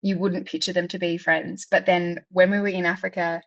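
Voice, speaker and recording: Enthusiastic Australian woman, low voice. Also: level tone, moderate pace, lo-fi sound. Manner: warm, enthusiastic, affectionate. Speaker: guest giving a recorded message. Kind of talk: recorded tribute message.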